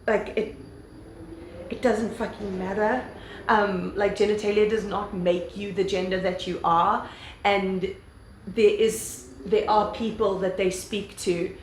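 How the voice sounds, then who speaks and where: A book vlogger with a medium-pitched voice reviews books in a casual chat, rambling with lots of fillers and the odd swear word. The audio is poor and roomy, with slight background noise.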